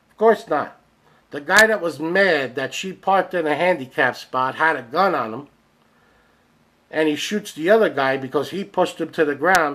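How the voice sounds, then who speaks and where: A man rants through strange news stories on a comedy podcast, his bright, slightly high voice full of disbelief. He swears freely and sometimes shouts as he acts out the people involved. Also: low-quality recording. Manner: incredulous, ranting, profane. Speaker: podcast host. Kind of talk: comedic rant.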